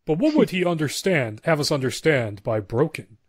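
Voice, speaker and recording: A man's voice: on the high side, very animated, moderate pace, crowd noise. A man co-hosting a podcast, chatting casually and reading screenplay narration aloud with stumbles and asides. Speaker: podcast co-host. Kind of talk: casual chat and script read-aloud.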